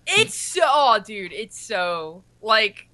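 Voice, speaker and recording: A woman's voice: mid-range voice, big pitch swings, takes it slowly, pushed and bright. A woman co-hosting a casual streamed show, chatting about games in a giggly, slangy way. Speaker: co-host.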